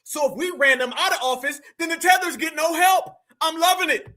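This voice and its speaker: A livestream political commentator with a very high, pushed, bright voice talks a little fast as he reacts to clips. His commentary is slangy and mocking, and he addresses his chat directly.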